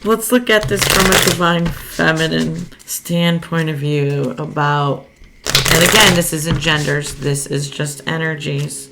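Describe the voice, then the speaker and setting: A chatty woman with a fairly low voice talks through a tarot card reading in a loose, unscripted way. She thinks out loud and laughs easily between her points. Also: a little hiss or hum. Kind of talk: casual spoken tarot reading.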